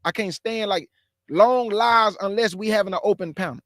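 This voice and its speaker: High-voiced fast-talking preacher man. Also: a bit bright, no room sound, studio quality. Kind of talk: live-streamed bible teaching.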